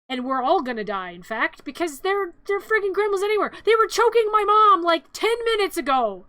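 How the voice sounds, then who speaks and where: A playful woman streamer recaps a film for laughs, wandering off into asides as she goes. Her voice is high and sharp, and it sounds close and dry. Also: big pitch swings, a little fast, hardly any pauses, no echo. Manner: playful, rambling, self-interrupting asides. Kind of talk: comic live-stream retelling of a film.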